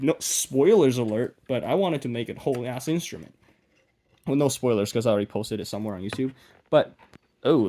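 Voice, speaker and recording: A man's voice: mid-range voice, a little mellow, a little hiss or hum. Mumbling young man rambling while he works. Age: young adult. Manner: self-deprecating, mumbly, trails off and restarts. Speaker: vlogger. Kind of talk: casual rambling vlog while working.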